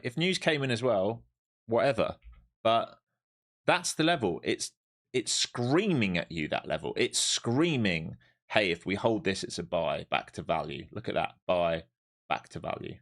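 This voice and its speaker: A man doing live trading stream commentary, animated and swearing freely as he talks through the chart. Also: fairly low pitch. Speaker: live-stream day trader.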